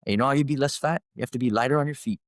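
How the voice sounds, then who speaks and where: A man doing a yelling, teasing high school coach. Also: racing, no room sound, studio quality, natural voice. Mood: lecturing. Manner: yelling, scolding yet teasing.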